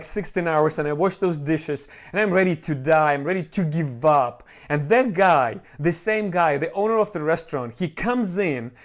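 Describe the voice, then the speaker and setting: A man, not a native English speaker, hosting an online course and telling a motivational story in an earnest, emotional way, with many fillers and calling his viewers guys. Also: fairly high pitch.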